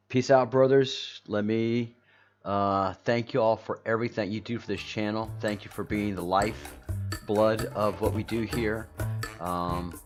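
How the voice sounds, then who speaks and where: A man hosting a casual livestream, chatting loosely with viewers and reading their comments aloud, often restarting his sentences. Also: on the low side. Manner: rambling, repeats and restarts, reads chat aloud. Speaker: channel host.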